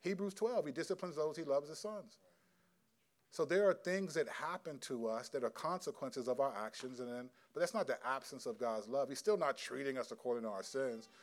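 A man's voice: mid-range voice, brisk. A middle-aged man preaching as a pastor, earnest and conversational, answering a question from the congregation. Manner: earnest, conversational, acts out quotes. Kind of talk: sermon with audience Q&A.

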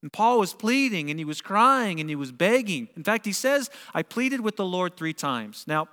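Male preacher, fairly high voice, animated delivery, big hall reverb. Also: normal speed. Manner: animated, builds to emphatic peaks. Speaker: pastor. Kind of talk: sermon. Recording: long reverb of a large hall.

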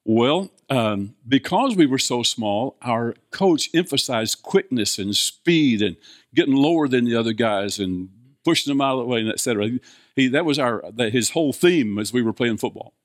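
An older man tells stories from the pulpit in an easy, folksy way, asking his listeners questions and chuckling as he goes. The recording is dry and close, and his pitch sits in a middling range. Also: lively intonation, normal speed, dry recording. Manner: chatty, asks the congregation questions, chuckles often. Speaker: preacher. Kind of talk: folksy sermon storytelling.

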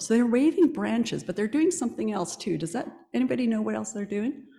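A woman's voice: fairly high pitch, fairly quick, vocal fry. Woman preaching in an echoey hall. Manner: lively storytelling, quizzing the congregation. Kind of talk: sermon.

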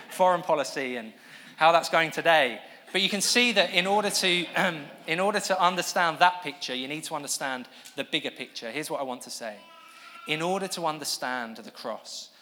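A man preaches a sermon in an earnest, explanatory way, talking to the room and sometimes restarting his sentences. His voice sits at a middle pitch for a man. It rings out with long reverb in a large hall. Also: pushed and bright, a little hiss or hum. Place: church hall with an audience.

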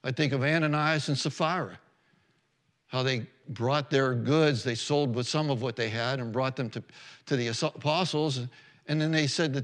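A man's voice: mid-range voice, moderate pace, a bit bright. Man preaching in a reverberant hall. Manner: earnest, restarts and self-corrections, reads scripture aloud. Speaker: pastor. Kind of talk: sermon.

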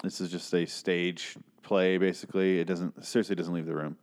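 A man's voice: deep voice, level tone, moderate pace, a little mellow. A man casually recapping a TV episode, rambling, joking and swearing as he goes. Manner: rambling, profane, restarts a lot, jokey.

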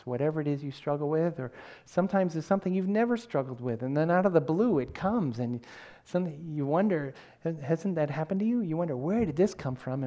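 This middle-aged pastor has a mellow, medium-pitched voice. He delivers his sermon in a sincere, talk-like manner, breaking off and beginning sentences again.

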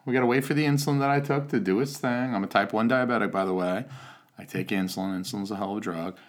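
This is a very deep-voiced man chatting on a home podcast. He grumbles wryly, swears offhandedly and keeps the talk loose and casual. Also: fast. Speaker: podcast host. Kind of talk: casual chat.

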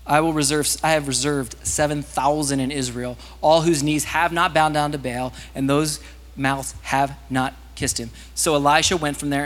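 A pastor giving a sermon in a lively, conversational way, with loud, rising peaks. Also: male voice, a little high. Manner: animated, conversational preaching that rises to loud peaks. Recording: long hall reverb.

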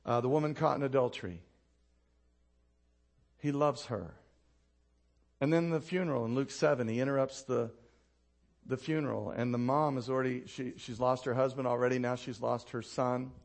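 A male pastor preaching a sermon who tells stories with animation, laughs at his own anecdotes, drops low and quiet to land a point, and asks the congregation for responses. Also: moderate pace, creaky, pauses often.

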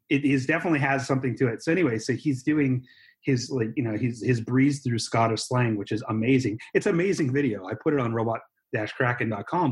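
Rambling American man in casual chat. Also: mid-range voice. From United States. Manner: rambling, self-interrupting, joking. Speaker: podcast co-host.

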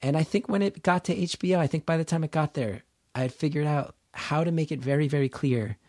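Animated middle-aged man telling a candid story. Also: a little high, fast talker, dry recording, studio quality. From New Jersey. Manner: animated, acts out quotes, swears freely. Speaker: comedian guest.

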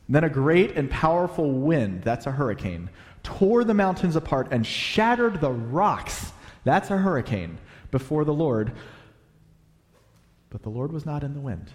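A man preaching a sermon, animated, swinging between loud emphasis and hushed, quiet passages. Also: on the high side, measured pace. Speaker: pastor. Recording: long hall reverb.

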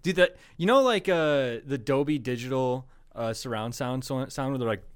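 A podcast co-host with a medium-pitched, clear, resonant voice tells rambling stories at normal speed, swearing and laughing often in casual chat. The recording is dry and studio quality.

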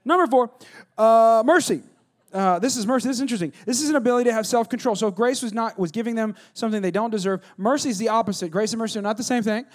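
Animated pastor, loud bursts, quiet asides. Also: male voice, high-pitched, racing, few pauses. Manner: acts out conversations, asking and answering himself. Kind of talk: sermon.

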